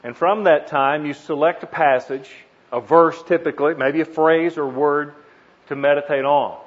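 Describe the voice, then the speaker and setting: A man's voice: fairly high pitch, steady tone, normal speed. A man preaching a teaching sermon, earnest, leaning hard on single words for emphasis. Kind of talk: teaching sermon on Bible meditation. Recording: dull lo-fi recording.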